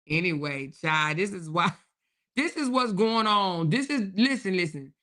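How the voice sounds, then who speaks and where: A woman's voice: fairly low pitch, unhurried. A woman hosting a live stream, commenting sassily and reading chat messages while calling viewers "baby" and "honey," with frequent laughter. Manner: sassy, animated, peppered with endearments; laughs often between remarks. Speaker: host.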